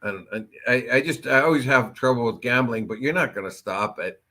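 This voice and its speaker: A man's voice: medium pitch, brisk, sharp tone. A man co-hosting a local talk show in casual chat, with a rambling, anecdotal way of talking.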